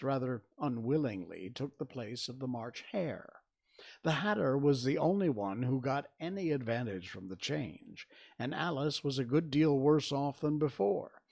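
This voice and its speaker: Slow gravelly man reading a storybook. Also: mid-range voice, darkish tone. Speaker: reader.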